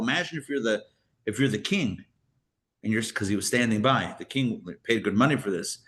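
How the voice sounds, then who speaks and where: A man's voice: medium pitch, animated, normal speed, fairly bright tone. A man teaching a live Torah class as a rabbi, chatty and full of fillers and restarts, with joking asides.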